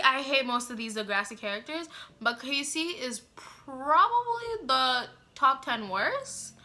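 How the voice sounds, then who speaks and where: A young woman vlogger with a slightly high, bright, forceful voice reviews a TV show straight to camera. Her casual, opinionated commentary is sassy, blunt and exaggerated, full of slang, "like" and "you know," and she calls her viewers "y'all."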